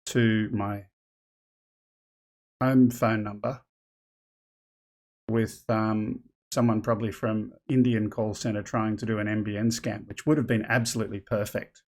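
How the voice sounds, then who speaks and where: A man's voice: on the low side, darkish tone. A man hosting a casual live stream, thinking aloud and rambling as he chats with viewers. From Australia.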